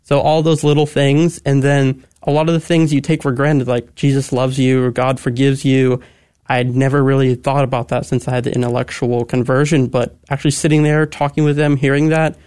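A man's voice: mid-range voice, level tone, brisk, darkish tone, clear, resonant tone, no echo, clean studio sound. A young man, a guest on a radio interview, talking eagerly and articulately. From Texas. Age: 20s.

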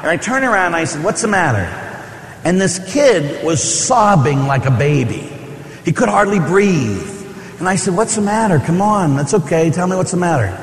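A man's voice: high voice, lively intonation, moderate pace, long reverb tail. A man, a Catholic priest giving a conversational, story-filled sermon with asides and rhetorical questions. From Pittsburgh.

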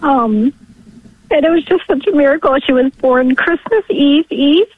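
A high-voiced woman in her forties talks emotionally on a call-in show, her voice tinny and dry over the phone line. She is tearful and stops often as she speaks. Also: a little slow, no echo. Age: 40s. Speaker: caller.

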